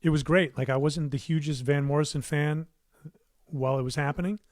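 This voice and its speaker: A man's voice: fairly high pitch, fairly even intonation, fairly quick, dry recording. A middle-aged man hosting a casual livestream from his recording studio, rambling between answers with plenty of fillers and restarts. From United States. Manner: rambling, warm asides, many fillers and restarts.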